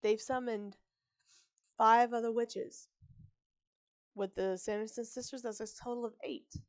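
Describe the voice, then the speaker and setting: A woman's voice: on the high side, fairly even intonation, unhurried. Chatty woman reading a story aloud. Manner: chatty, digressive, self-correcting. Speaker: live-stream story reader. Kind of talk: reading a book aloud with casual commentary.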